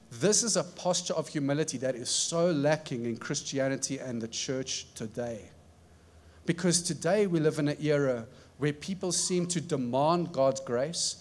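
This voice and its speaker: An earnest male preacher delivers a sermon with emphasis and rhetorical questions. His voice sits fairly high for a man.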